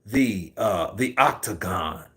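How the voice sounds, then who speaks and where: A man's voice: sits low, expressive, slow pace, fairly bright tone. A man in his forties, a boxing commentary host, telling a rambling, profanity-laced story in a casual way.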